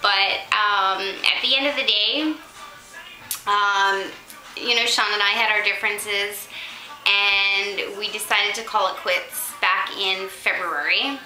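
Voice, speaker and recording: A woman's voice: medium pitch, fairly even intonation, takes it slowly, sharp tone, reverberant, soft background music, poor audio. A woman vlogging unscripted from her condo, rambling with lots of ums and laughs. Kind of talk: unscripted casual chat to camera.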